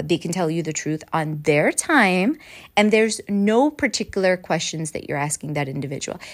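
A woman talking straight to her viewers and coaching them through advice tips, now and then acting out sample lines. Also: lowish voice. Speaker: advice presenter. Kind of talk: direct-to-camera advice talk.

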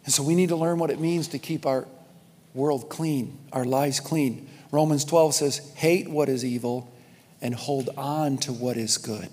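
A man's voice: medium pitch, measured pace, darkish tone. A man preaching a sermon in a church, speaking emphatically, repeating key lines and addressing the congregation directly. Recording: long reverb of a large hall.

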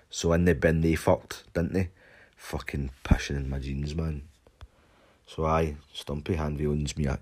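A young Scottish man casually telling a sweary anecdote, shouting out the lines he quotes. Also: extremely low pitch, breathy edge. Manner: swears constantly, animated retelling with shouted quotes. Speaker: storyteller.

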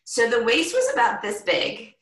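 A woman hosting a podcast interview who talks in a chatty, animated way and fills her speech with "like.". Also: fairly high pitch, normal speed, far from the mic. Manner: chatty, animated storyteller with frequent "like". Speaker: podcast host. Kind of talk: casual conversational interview. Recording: roomy echo, set back from the mic.

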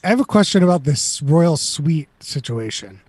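Animated, rambling man co-host. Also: on the high side, moderate pace, husky, no echo. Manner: rambling, incredulous rhetorical questions. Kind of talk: casual chat.

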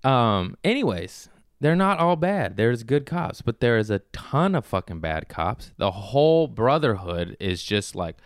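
A man's voice: mid-range voice, sing-song, unhurried, no room sound, clean studio sound. A man in his thirties telling a rambling, profane story in a casual chat, laughing often and restarting his sentences. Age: 30s. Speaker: podcast host. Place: Los Angeles.

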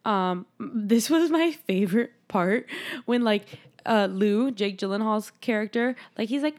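A woman's voice: medium pitch, lively intonation, measured pace, a little mellow. A woman co-hosting a casual movie review podcast, retelling scenes with playful quoted voices and some swearing. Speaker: podcast co-host.

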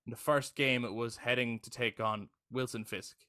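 A young adult man chatting on a podcast with real enthusiasm. His voice sits at an ordinary middle pitch, and he keeps tossing in "right?" and the odd swear word. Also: steady tone, moderate pace, pushed and bright, clear, resonant tone. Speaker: podcast co-host. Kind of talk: casual chat.

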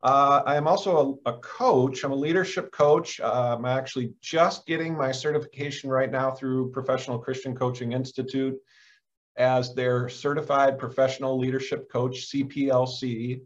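A man's voice: medium pitch, fairly even intonation, moderate pace. Earnest middle-aged man, muffled podcast guest. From Michigan. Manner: earnest and upbeat, lots of "uh" and restarts. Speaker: guest, leadership coach. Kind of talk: casual interview chat. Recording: dull lo-fi sound.

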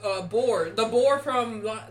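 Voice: mid-range voice, a little slow. A young adult co-hosting a casual chat, telling stories with energy, swearing often and laughing a lot. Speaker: podcast co-host.

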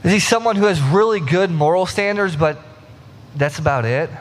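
Conversational preacher in a reverberant hall. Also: male voice, high-pitched, expressive, moderate pace. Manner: conversational preaching, acts out scripture voices. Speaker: pastor. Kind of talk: sermon.

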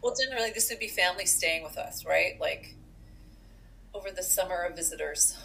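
A woman co-hosting a podcast, chatting casually and telling stories with lively asides. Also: fairly low pitch, a little fast, gravelly, a little hiss or hum, low-quality recording. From Canada. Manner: chatty, animated storytelling with asides. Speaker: podcast co-host. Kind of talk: casual chat.

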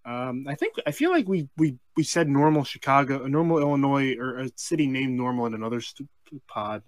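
A man co-hosting a comedy podcast, reading a strange story aloud, breaking off for deadpan asides and laughing mid-sentence. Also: mid-range voice, brisk, no echo. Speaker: podcast co-host.

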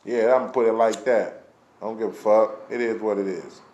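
A man's voice: on the low side, fairly even intonation, a little fast, a little mellow, roomy sound, muffled recording. A man delivering a blunt, passionate rant full of profanity, as in a recorded vlog. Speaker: vlogger ranting on camera.

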